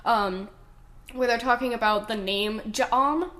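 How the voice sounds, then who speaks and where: A woman's voice: on the high side, a bit bright, slight background noise. A woman hosting a casual podcast, chatting and giggling about a video series. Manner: chatty, giggly, quick restarts. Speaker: podcast host. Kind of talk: casual chat.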